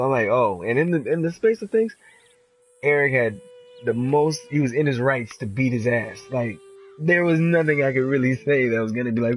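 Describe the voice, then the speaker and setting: A young man casually telling a story while playing a game, animated and profane, full of filler words. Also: mid-range voice, brisk, poor audio. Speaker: streamer.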